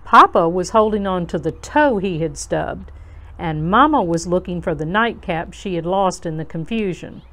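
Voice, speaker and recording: A woman reading a children's storybook aloud to kids as host, in a slow, gentle, expressive way. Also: fairly low pitch.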